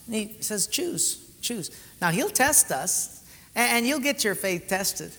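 A male pastor delivers a sermon in a church hall, his voice sitting a little high for a man. He tells stories animatedly, rising to loud bursts and dropping to quiet, intimate lines. A long reverb trails his words through the room. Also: measured pace. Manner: animated storytelling, swinging between loud and hushed.

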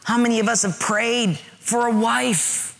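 A middle-aged man preaching a sermon in a lively, conversational way with humor. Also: extremely high pitch, measured pace, vocal fry, a little hiss or hum. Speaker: pastor.

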